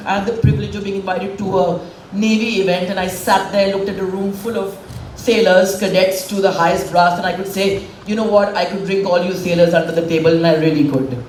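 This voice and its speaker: A woman's voice: lowish voice, darkish tone, slight background noise. Woman in her forties, candid and emotional public speech, heard from a distance in a roomy hall. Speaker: speaker at a public event. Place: event hall with a stage. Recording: echoey hall, voice from far off.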